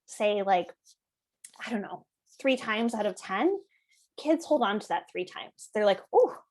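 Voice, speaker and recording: A woman's voice: mid-range voice, lively intonation, unhurried. Woman in her 30s explaining parenting stuff to a group, chatty, keeps saying "right?". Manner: conversational, often asks "right?", acts out parent and child voices. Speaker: parenting educator. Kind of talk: presentation to parents.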